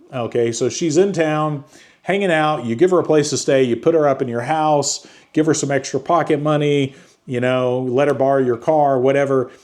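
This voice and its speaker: Mellow-voiced man reviewing a book. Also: mid-range voice. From United States. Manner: halting, many restarts and fillers. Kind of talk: casual book review chat.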